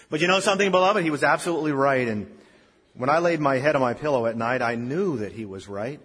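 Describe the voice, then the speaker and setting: A husky-voiced male pastor in his fifties preaches to his congregation, his voice ringing with a long reverb through the church hall. He tells personal stories, building to loud emphatic lines and then dropping to a near hush. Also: medium pitch, expressive, fast talker. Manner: storytelling preacher, swings from loud emphasis to hushed. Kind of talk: sermon. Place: church sanctuary.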